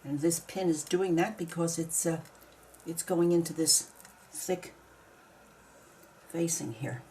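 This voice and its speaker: A woman talks her way through a craft project in a slow, unhurried voice, step by step, muttering small complaints as she goes. Her voice is warm and mellow. A faint hum of room noise sits behind her. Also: deep voice, steady tone. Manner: chatty, mildly grumbling, talks herself through each step. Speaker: craft video maker. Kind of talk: casual narration while crafting.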